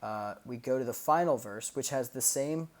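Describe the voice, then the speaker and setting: A man with a mid-range voice, speaking at normal speed, loosely walks through his own songs on a casual stream. He leans on fillers and sung sound effects while the track's music plays loudly behind him.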